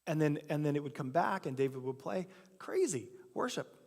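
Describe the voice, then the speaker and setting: A man's voice: a little high, very animated, normal speed, gravelly, darkish tone, breathy edge. A man preaching a sermon, telling a story casually and acting out the quotes himself. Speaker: pastor. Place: church sanctuary. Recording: long church hall reverb.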